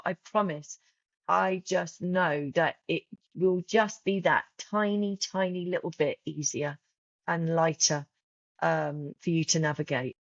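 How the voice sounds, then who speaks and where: This podcast guest, who creates journals, shares openly and with emotion in casual interview talk, heartfelt and prone to restarting and repeating her words. Her voice is lowish. The lo-fi sound has no room sound.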